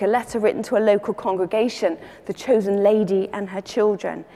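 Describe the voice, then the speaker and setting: Woman preacher, calm teaching sermon, mid-pitched, long reverb. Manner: measured, gentle teaching delivery.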